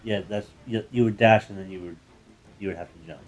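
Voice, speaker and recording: A man's voice: on the low side, fairly quick, darkish tone. A man co-hosting a let's play, explaining rules and tactics in casual chat.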